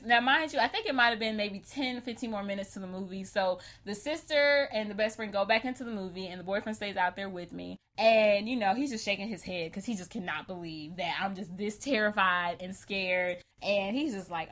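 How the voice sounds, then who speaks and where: A woman co-hosting a podcast, telling a story in a lively, animated way, laughing often and acting out what people said. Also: medium pitch, fairly quick, few pauses. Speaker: podcast co-host. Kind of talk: casual storytelling chat.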